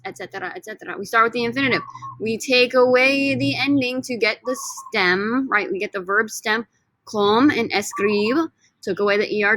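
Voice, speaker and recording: Bright, clear-voiced woman teaching a lesson. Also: fairly high pitch, slight background noise, low-quality recording. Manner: explains step by step, drills words for students to repeat. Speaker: Spanish teacher. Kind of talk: recorded classroom lesson.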